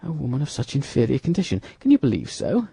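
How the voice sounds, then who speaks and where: A dim, blustering musketeer grumbles his complaints, voiced by a man reading aloud. The voice is mellow and husky. The sound is dry. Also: mid-range voice, wildly swooping pitch, quick pace, dry recording, pitched above the performer's own voice, exaggerated voice.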